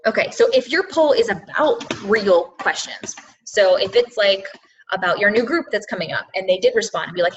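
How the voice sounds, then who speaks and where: A woman's voice: medium pitch, lively intonation, normal speed, recorded from a distance. An earnest woman talks to her team on a video call, repeating her points for emphasis. Her voice sits in a middle register. The audio is dull and lo-fi. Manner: earnest, filler-heavy, repeats herself for emphasis. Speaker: coach leading a team call. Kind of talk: casual motivational talk on a video call.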